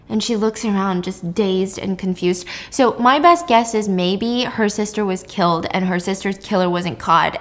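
A woman's voice: medium pitch, a bit bright. Lady podcaster retelling a creepy story, chatty, says like a lot. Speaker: podcast host.

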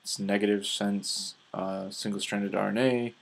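A man's voice: on the low side, unhurried, creaky. A young man with a Minnesota accent giving a casual science lecture over slides, explaining loosely with plenty of filler words. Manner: relaxed, filler-heavy explaining with frequent "uh"s.

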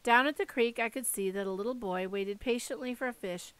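A woman's voice: a little high, a little fast, fairly bright tone, clean tone, low-quality recording. A woman reading a first-person novel aloud, expressively voicing the dialogue. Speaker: audiobook reader. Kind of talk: first-person book narration.

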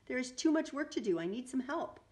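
A woman's voice: high-pitched, lively intonation, fairly quick, a little mellow, pitched above the performer's own voice. A woman voicing an overworked young baker's daughter in a storybook, pleading and indignant.

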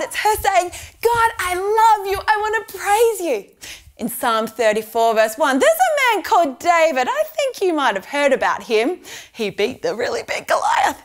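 Super high chirpy aussie lady teaching little kids at church, voice bouncing all over. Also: moderate pace. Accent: Australian. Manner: animated, exaggerated, asking kids questions. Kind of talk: lively lesson for preschool kids.

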